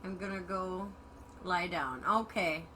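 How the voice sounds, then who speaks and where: A woman's voice: on the low side, takes it slowly, sharp tone, far from the mic, a little hiss or hum. A middle-aged woman hosting a casual chat. She talks bluntly, jokes about herself and swears freely. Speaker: host, life coach.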